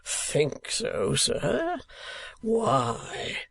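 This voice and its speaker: A man voicing a talkative, theatrical middle-aged theatre manager, speaking slowly and emphatically. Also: high-pitched, wildly swooping pitch, vocal fry, fairly bright tone, slightly rough, pitched above the performer's own voice, full character voice. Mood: enthusiastic.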